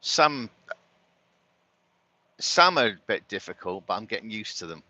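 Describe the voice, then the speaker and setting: A man's voice: on the low side, big pitch swings, unhurried, sharp tone, dry recording. A man from London with a London accent, chatting casually and rambling while he drives, laughing often. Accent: London English. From London, England. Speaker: vlogger. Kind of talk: casual chat while driving.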